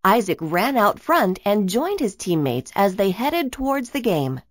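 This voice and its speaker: A woman reading a children's storybook aloud in an expressive storytelling way. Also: mid-range voice, unhurried, no echo, studio quality. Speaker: narrator. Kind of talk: children's book read-aloud.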